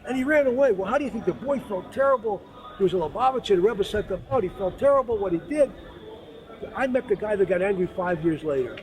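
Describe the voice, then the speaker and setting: A man teaching religious lessons through earnest, animated storytelling, recorded outdoors at a busy site. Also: sits high, a little fast, poor audio. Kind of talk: storytelling spiritual talk. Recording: crowd noise in the background.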